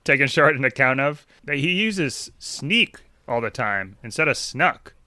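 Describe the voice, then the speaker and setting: A man's voice: mid-range voice, big pitch swings, measured pace, bright, forceful tone, dry recording, clean studio sound. A man co-hosting a casual book club podcast, laid-back and swearing freely, acting out scenes as he retells them. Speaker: podcast co-host.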